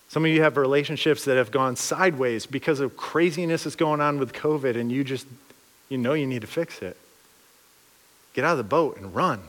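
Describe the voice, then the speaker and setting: A man's voice: mid-range voice, fairly quick, big-room sound. A man preaching a sermon in a casual, slangy way, acting out voices of the people he talks about. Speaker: pastor.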